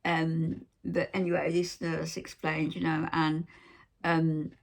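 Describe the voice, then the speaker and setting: A woman telling a personal story to camera in an aggrieved way, pausing often and acting out what others said. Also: low-pitched, monotone, creaky. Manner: aggrieved retelling, acting out others' lines, frequent hesitations. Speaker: vlogger.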